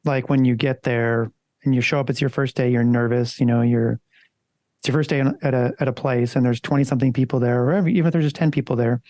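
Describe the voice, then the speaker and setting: A man's voice: medium pitch, steady tone, fast, darkish tone, dry recording. A man co-hosting a casual podcast, talking loosely and conversationally and swearing now and then. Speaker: podcast co-host.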